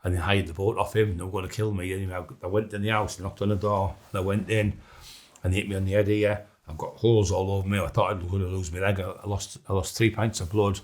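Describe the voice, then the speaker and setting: Casting note: middle-aged man, somewhat low voice, blunt documentary interviewee who rambles and restarts. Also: little pitch movement, fast talker, darkish tone.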